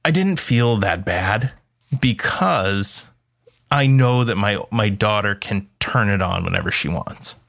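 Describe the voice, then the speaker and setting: A man in his thirties co-hosts a podcast, telling a family story in casual chat. His lowish, gravelly voice moves slowly, and he animatedly acts out quotes, raising his voice for them.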